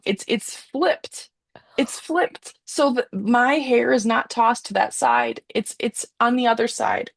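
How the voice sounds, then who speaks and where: A woman's voice: mid-range voice, creaky, no room sound, clean studio sound. A young woman co-hosting a podcast, telling a rambling story in a chatty, giggly way. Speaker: podcast co-host. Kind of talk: casual chat.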